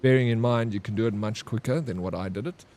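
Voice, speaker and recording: A man's voice: on the low side, quick pace, a little mellow. Chatty, laid-back man streaming a game. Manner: chatty, swears casually, calls viewers bro; reacts to chat messages. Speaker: gaming streamer. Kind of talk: casual gaming commentary.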